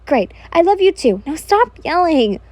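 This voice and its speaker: A woman voicing a flustered young woman who protests in shrill, raised bursts. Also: big pitch swings, measured pace, a little mellow, no echo, heavily acted. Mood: exasperated.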